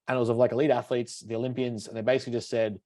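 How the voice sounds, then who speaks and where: A podcast co-host with an ordinary mid-range male voice talks quickly, swearing freely and casually as he tells animated stories.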